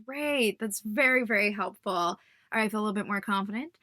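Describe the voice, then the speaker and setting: A woman's voice: mid-range voice, brisk, pushed and bright, no echo, clean studio sound. A woman hosting a podcast, interviewing her guest attentively and laughing often, with playful puns. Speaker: podcast host.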